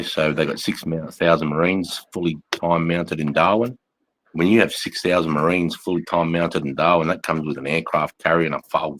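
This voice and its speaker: A middle-aged man with a broad Australian accent and a very low voice, chatting loosely to viewers on a phone livestream. He swears constantly, laughs between lines and calls everyone mate and bro. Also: a bit bright, no echo, poor audio. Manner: swearing, laughing, bloke slang, reading out comments. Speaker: livestream host, army veteran. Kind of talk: casual livestream chat.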